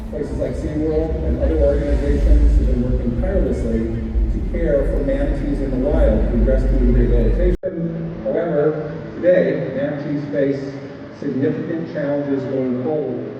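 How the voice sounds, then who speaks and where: A man giving measured, scripted narration for a show. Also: medium pitch. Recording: distant, dull, echoey arena audio with noise.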